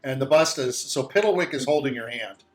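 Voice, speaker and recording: A man running a tabletop game as game master, narrating in a rambling, halting way with many restarts. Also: medium pitch.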